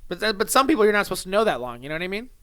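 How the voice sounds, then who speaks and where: A man's voice: sits high, sing-song, racing, fairly bright tone, smooth, no echo. A young man from California hosting a casual podcast, rambling and joking and laughing often. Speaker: podcast host.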